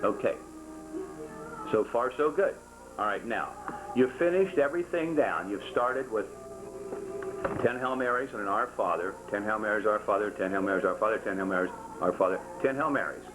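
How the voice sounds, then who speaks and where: Music plays in the background of this rough recording as an older man, speaking at normal speed in a fairly low voice, walks a small class through making a rosary. Folksy and joking, he repeats himself and counts out the steps.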